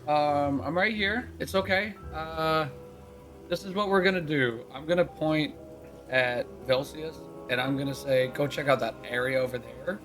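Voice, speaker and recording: A man's voice: a little high, moderate pace, fairly bright tone, soft background music. A man playing a tabletop game, casually taking charge and laying out a plan for the group. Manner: takes charge, gives plans. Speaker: player.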